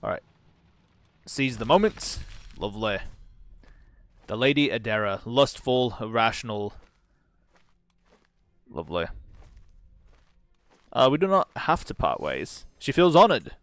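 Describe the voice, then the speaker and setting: A man's voice: medium pitch, very animated, measured pace, long pauses, a bit bright, dry recording. A man casually commenting on a strategy game as he plays, reading out its text with profane, sarcastic asides. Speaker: gaming channel host. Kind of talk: casual let's-play commentary.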